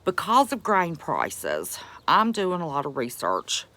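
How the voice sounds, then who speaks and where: This homestead vlogger from West Virginia chats folksily with her live-stream viewers in an Appalachian accent, calling them sweetheart and buddy. She speaks slowly in a low voice that sounds pushed and bright, with wildly swooping pitch.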